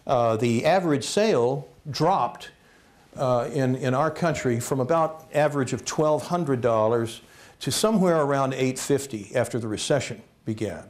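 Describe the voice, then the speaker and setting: A man's voice: mid-range voice, lively intonation, normal speed. American man telling stories at a talk. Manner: storytelling, acts out quoted people. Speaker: speaker giving a talk. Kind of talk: conference talk with anecdotes. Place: lecture hall.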